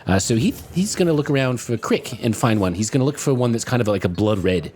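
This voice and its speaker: A man casually describing his character's actions in a tabletop game, easygoing with many pauses. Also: medium pitch, expressive, darkish tone, slight background noise. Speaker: player. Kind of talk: tabletop game player chat.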